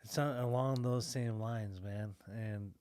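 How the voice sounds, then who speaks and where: A man co-hosting a podcast in casual chat, relaxed and laid-back, swearing now and then. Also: fairly low pitch, measured pace. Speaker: podcast co-host.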